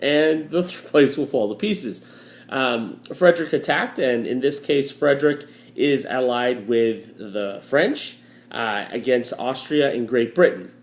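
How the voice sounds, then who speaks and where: A man's voice: mid-range voice, measured pace. A man teaching a history lesson in a casual, joking way, with frequent fillers, recorded at home. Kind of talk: recorded lecture walkthrough. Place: home room with a dryer running. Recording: roomy echo.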